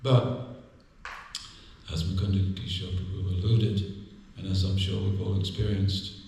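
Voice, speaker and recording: A man's voice: sits low, little pitch movement, measured pace, a little mellow. An older man giving a humorous, anecdotal sermon as a temple class speaker. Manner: humorous storytelling, chuckles often. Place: temple hall. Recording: echoey hall, distant mic.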